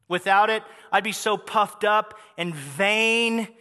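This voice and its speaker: A preacher acting out an earnest, humble apostle who speaks with exclaiming conviction. The high, bright voice rings with the long reverb of a large hall. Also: male voice, takes it slowly, exaggerated voice.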